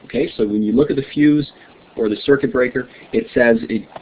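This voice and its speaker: A man teaching an online science class, friendly and encouraging, often checking in with his students. His voice sits at an ordinary pitch. It comes through a thin, phone-like line with a soft hiss behind it. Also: fairly quick. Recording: tinny lo-fi line with faint hiss.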